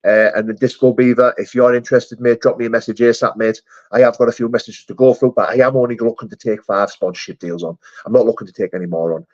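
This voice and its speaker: A man's voice: mid-range voice, steady tone, fast talker, a little mellow. A man hosting a casual live chat, reading viewer comments in a matey, chummy way. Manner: chatty, matey, calls viewers mate and brother. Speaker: live stream host. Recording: dull lo-fi stream audio.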